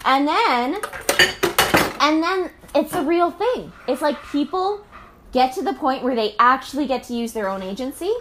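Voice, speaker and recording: A woman in her thirties, a mother, musing in a casual, chatty, animated monologue full of fillers and laughs. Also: high-pitched, moderate pace, very noisy.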